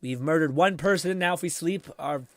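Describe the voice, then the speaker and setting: A hoarse man casually commenting on a game as he streams it, rambling, swearing freely and reading chat messages aloud. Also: a little high, brisk.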